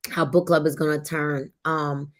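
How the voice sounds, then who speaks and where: A woman's voice: sits low, level tone, measured pace. A woman hosting a live book club show, talking casually and slipping into an encouraging, preacher-like cadence. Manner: warm encouraging preacher cadence, sings briefly. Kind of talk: casual faith-filled talk, preaching at times.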